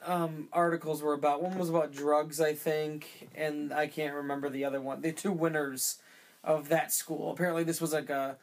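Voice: medium pitch, little pitch movement, moderate pace. Rambling casual movie podcast talker. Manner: rambling, many fillers and restarts; swears casually.

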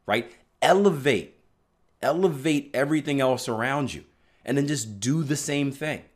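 A male trading coach speaks at medium pitch and normal speed, giving an emphatic, motivational teaching talk. He keeps checking in with "right?" and hits words with bursts of loud stress.

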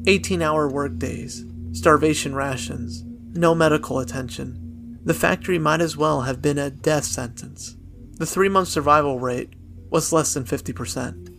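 A man narrating a dark family story in a measured, somber storytelling manner. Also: a little high, vocal fry, soft background music. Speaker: narrator, podcast host.

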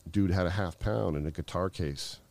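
A middle-aged man tells his story in a loose, rambling way, peppered with swearing and filler words. His voice sits very low, and the recording is dry with no room sound. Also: normal speed, creaky, darkish tone, no room sound. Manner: rambling, profane, heavy fillers. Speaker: guest. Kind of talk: casual storytelling.

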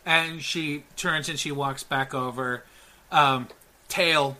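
A man narrating as game master in a relaxed, hesitant way with many fillers. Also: fairly high pitch, slow.

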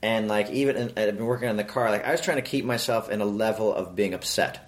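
A man's voice: fairly low pitch, fast. A man co-hosting a podcast, joking through casual comedic chat with crude banter. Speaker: podcast co-host.

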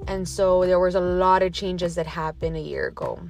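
A woman's voice: on the low side, steady tone, moderate pace, creaky, darkish tone, faint music behind. A woman from Texas hosting her own podcast, talking candidly and a little shakily, loose with casual fillers. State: emotional, a little shaky. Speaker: podcast host. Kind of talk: casual solo podcast monologue.

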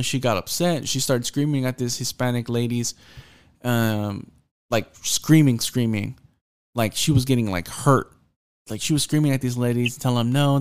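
A man's voice: medium pitch, smooth. A man hosting a casual podcast, cursing freely and acting out the people in the stories he tells. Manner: profane storyteller acting out quoted people. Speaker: podcast host.

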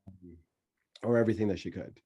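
Low, mellow man telling a story. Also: husky. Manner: laughs often, halting with many fillers. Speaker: guest telling a childhood story. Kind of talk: casual conversational storytelling.

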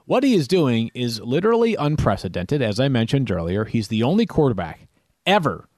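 A man's voice: medium pitch, a little fast, no echo, studio quality. A man hosting a sports podcast, breaking down fantasy football picks in casual, detailed talk. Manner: animated, detailed stat talk.

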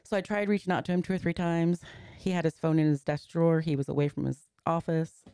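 A woman's voice: low-pitched, steady tone, fast, mellow, clear, resonant tone, no echo, clean studio sound. A woman in her forties, a podcast guest, earnestly recounting a personal story step by step and slipping into the words of the people in it. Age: 40s.

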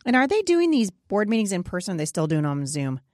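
A woman's voice: medium pitch, sing-song, quick pace, darkish tone, no room sound. A woman interviewing a guest, asking probing questions and making emphatic, opinionated points. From Pacific Northwest, USA. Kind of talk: conversational interview.

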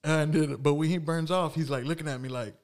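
A man's voice: a little high, steady tone, brisk, over a noisy crowd. A man hosting a casual podcast, telling a long prank story with slang, swearing and frequent laughs. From Houston, Texas. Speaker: podcast host.

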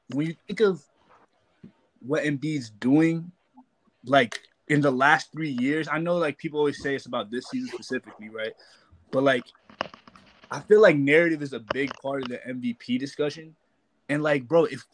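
A man's voice: mid-range voice, husky, rough recording. A man joining a casual basketball debate, talking in a loose, slangy way full of "like" and the odd curse word.

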